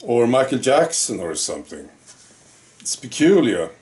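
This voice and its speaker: A man giving casual video commentary, musing and drifting along with pauses and fillers. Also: mid-range voice, big pitch swings, darkish tone, far from the mic.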